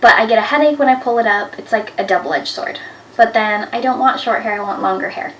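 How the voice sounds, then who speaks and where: A woman in her twenties telling embarrassing stories to camera in a chatty, animated way, with lots of "like" fillers. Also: on the high side, brisk, slight background noise. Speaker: vlogger. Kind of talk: casual storytelling to camera. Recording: echoey room, a bit far from the mic.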